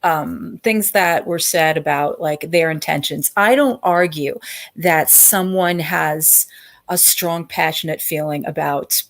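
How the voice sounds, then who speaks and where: A woman on a commentary stream who speaks carefully, choosing her words in a guarded way. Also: low-pitched. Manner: careful, measured, guarded wording. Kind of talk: casual commentary.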